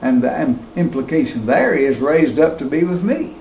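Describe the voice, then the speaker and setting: A man preaching a sermon, slow and emphatic, with wide swings of pitch and loudness. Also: lively intonation, echoey room, a little hiss or hum, poor audio.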